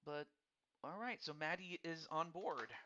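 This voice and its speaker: A man with a bright, forceful voice hosts a casual live-streamed draft. He rambles and stumbles over repeated words in a friendly, upbeat way. The audio is dull and lo-fi. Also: a little high, unhurried, a little hiss or hum. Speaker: host of a fantasy hockey draft stream.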